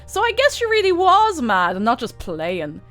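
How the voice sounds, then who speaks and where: Loud rambling slacker dude, a girl putting him on, high and bouncy. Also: huge pitch swings, moderate pace, faint music behind, full character voice. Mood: gleeful. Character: rowdy young dude, chatty and clueless.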